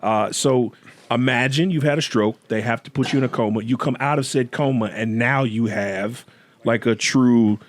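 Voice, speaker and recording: A man's voice: mid-range voice, moderate pace. A middle-aged man hosting a casual podcast chat, playful and joking, now and then slipping into put-on accents. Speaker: podcast host.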